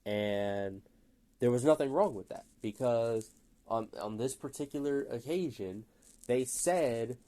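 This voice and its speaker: A man's voice: medium pitch, takes it slowly, dark tone. A man telling rambling, profane anecdotes in a casual, chatty way, often laughing at his own stories. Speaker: gaming channel storyteller.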